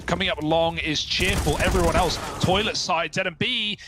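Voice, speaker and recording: A man's voice: high-pitched, normal speed, background noise. A man commentating a live esports match, with a playful, joking manner.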